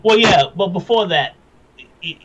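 A man's voice: high-pitched, lively intonation, a little slow, a bit bright, breathy edge. A man co-hosting a casual recap chat, rambling and repeating words as he thinks. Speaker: podcast co-host. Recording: dull lo-fi sound.

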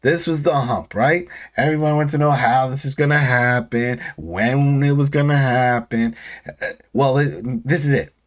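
A man's voice: medium pitch, steady tone. A man in a casual recap chat, talking in loose, rambling sentences and acting out characters' lines. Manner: rambling, acts out characters' lines in quick voices. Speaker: podcast co-host.

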